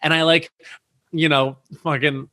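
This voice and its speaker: A man in his thirties telling a story as a podcast guest, animated, jumping up high in pitch whenever he quotes someone. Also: unhurried. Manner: animated, swoops high when quoting people.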